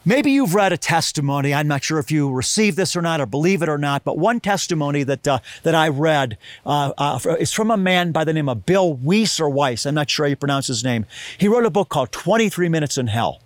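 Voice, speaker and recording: Guy preaching a sermon, bit high voiced, reads verses then explains em real earnest. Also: expressive, a little fast, no room sound.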